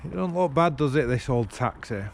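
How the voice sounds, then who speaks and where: A man's voice: medium pitch, animated, moderate pace, vocal fry, a little hiss or hum. A man, chatting bluntly and swearing to a handheld camera outdoors while working on a car. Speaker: car vlogger. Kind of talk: casual swearing chat to camera. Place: outdoors beside a car at a roadside. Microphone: handheld camera on gimbal.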